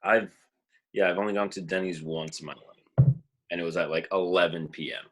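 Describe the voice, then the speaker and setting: A man's voice: sits low, fairly even intonation, fairly quick. A young man co-hosting a beer review podcast, laid-back in casual chat and laughing often. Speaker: podcast co-host reviewing beers.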